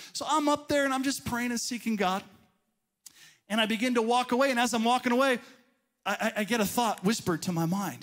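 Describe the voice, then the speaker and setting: High-voiced man preaching a lively sermon. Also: brisk. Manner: conversational storytelling preaching, rising emphatic peaks, drops to a hushed aside. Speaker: pastor. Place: church sanctuary.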